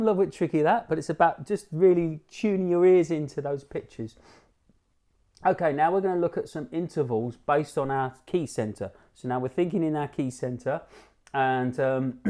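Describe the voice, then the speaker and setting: A man with a British English accent teaches a live online jazz lesson over a video call, his voice a little high and at normal speed. He's relaxed and instructive, with many fillers and restarts. Faint piano music and piano notes sound behind him.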